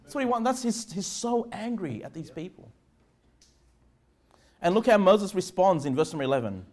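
A man preaching a conversational sermon, moving between casual asides and loud, emphatic passages of prayer and scripture. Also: high voice, big pitch swings, moderate pace. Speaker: pastor.

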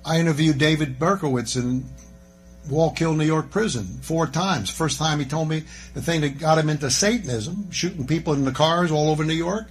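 Older man preaching folksy, slightly high. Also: moderate pace. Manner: folksy, rambling, jokey asides. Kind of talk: preaching a sermon.

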